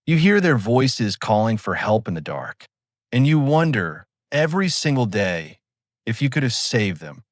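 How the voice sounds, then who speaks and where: A man voicing a calm, commanding, cruel spirit in the fog that knows too much. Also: mid-range voice, measured pace, no room sound, studio quality. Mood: taunting.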